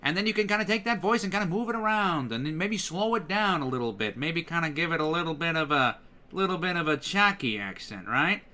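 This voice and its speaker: Animated, bright-voiced male streamer. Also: fairly high pitch, quick pace. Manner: animated, slips into voices to demonstrate. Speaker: voice actor and game streamer. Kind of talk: casual stream chat.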